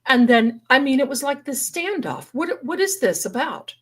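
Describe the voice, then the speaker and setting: A woman's voice: high voice, big pitch swings, normal speed. A woman telling a story on a live stream in a dramatic, folksy way, calling her listeners darlings. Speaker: paranormal storyteller guest.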